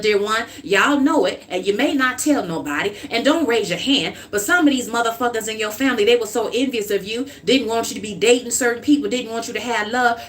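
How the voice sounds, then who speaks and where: Woman tarot reader, livestream; animated, profane, blunt. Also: mid-range voice.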